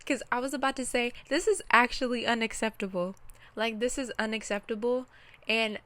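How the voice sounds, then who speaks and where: A woman's voice: a little high, steady tone, normal speed, sharp tone. A woman speaking candidly to camera about personal grief, close to tears as she works through her feelings. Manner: candid, emotional, talks to herself and viewers. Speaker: self-reflection vlogger. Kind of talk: unscripted personal reflection.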